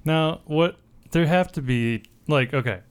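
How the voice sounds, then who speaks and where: A woman's voice: deep voice, unhurried, smooth. A woman co-hosting a casual podcast chat, easygoing, laughing often and agreeing with short replies. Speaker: podcast co-host.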